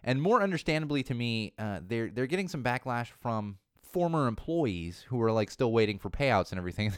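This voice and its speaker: Casual male podcast host, smooth voice. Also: mid-range voice, very animated, brisk, hardly any pauses, no echo, studio quality. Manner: rambling, lots of fillers and restarts. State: slightly losing his voice.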